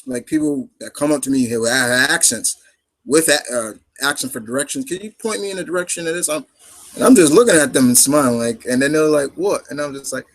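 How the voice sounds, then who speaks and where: A man's voice: medium pitch, fairly bright tone, low-quality recording. A man hosting a live question-and-answer stream in casual chat, rambling and full of fillers. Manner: rambling, heavy with fillers and restarts.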